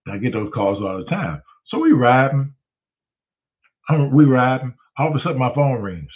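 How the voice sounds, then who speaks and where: A man's voice: medium pitch, moderate pace. A man telling a casual, profane story as the host of a talk show, acting out every voice. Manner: profane, animated storyteller who acts out the voices. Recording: tinny phone-like sound.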